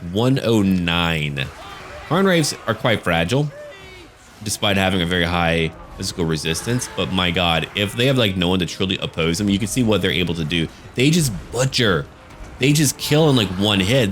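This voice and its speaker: Low-voiced, jokey game commentator man. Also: fairly bright tone. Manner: casual, jokey, chatty. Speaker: gaming channel host.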